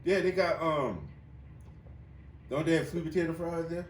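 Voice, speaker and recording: A man hosting a podcast in a loud, joking way, laughing a lot and swearing freely in casual chat. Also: a little high, moderate pace. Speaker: podcast host. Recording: echoey room, mic at a distance.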